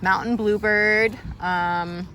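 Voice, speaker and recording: A woman teacher reads a picture book to a young child in an unhurried, even-paced voice, pausing to explain and ask questions. Her pitch sits in a middle range. A faint hiss of noise lies under the recording. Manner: gentle, explanatory, names plants and birds and asks questions; patient, answers a child's interruptions.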